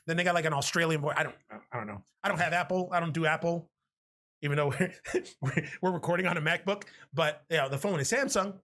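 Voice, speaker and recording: High, bright-voiced man chatting casually. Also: fast. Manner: profane, rambling, joking. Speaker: podcast co-host. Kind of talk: casual chat. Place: home podcast setup.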